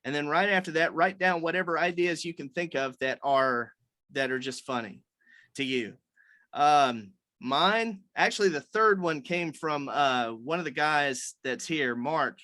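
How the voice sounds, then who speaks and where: A man's voice: mid-range voice, bright, forceful tone, no echo. A man leading a writers' meeting on a video call, explaining things loosely with many fillers and restarts.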